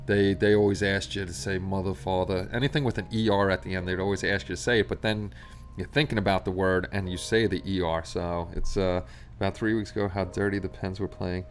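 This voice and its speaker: New york guy yakking away on his stream, lowish voice, bit of christmas music playing behind. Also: fairly even intonation, brisk. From Astoria, Queens, New York. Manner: chatty, rambling, reads viewer comments aloud. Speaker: livestream host. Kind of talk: casual livestream chat with viewers. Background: faint Christmas music.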